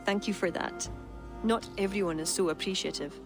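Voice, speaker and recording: A woman's voice: medium pitch, moderate pace, lightly acted. An actress with an Irish accent voicing a proud, witty woman court poet who speaks in a teasing, lilting way, with game music behind.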